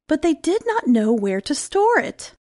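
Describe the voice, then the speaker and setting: A woman narrating a fairy tale in an expressive, sing-song storytelling manner. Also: high-pitched, unhurried, dry recording, clean studio sound.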